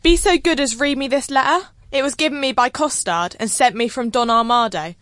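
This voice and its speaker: A woman's voice: sits high, a little fast, a bit bright, no room sound. A woman playing a simple young country girl asking politely for help. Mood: pleading. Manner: polite, pleading. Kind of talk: stage acting in verse.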